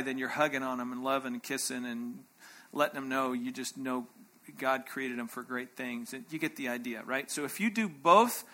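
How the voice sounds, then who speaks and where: Emphatic man teaching a workshop, sharp voice. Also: medium pitch. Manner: emphatic, keeps checking in with "right?"; acts out short quoted voices. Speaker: workshop speaker. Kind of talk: conference breakout teaching.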